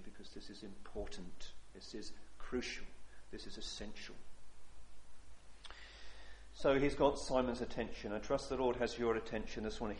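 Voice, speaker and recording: A man's voice: fairly low pitch, echoey room, slight background noise. A man preaching a sermon in an earnest, pleading way, repeating phrases for emphasis.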